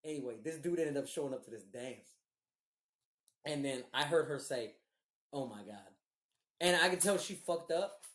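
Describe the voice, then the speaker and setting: Young male co-host, lively swearing storyteller who laughs a lot; roomy echo on the voice. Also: on the high side, normal speed. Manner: animated, profane, laughs often, slangy. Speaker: podcast co-host. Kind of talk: casual storytelling chat.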